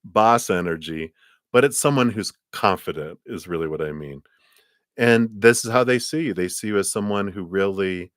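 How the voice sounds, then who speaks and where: A man's voice: low voice, normal speed, a bit bright, no echo, clean studio sound. A man doing a live tarot reading stream, talking animatedly, acting out little voices and laughing often. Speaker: tarot reader.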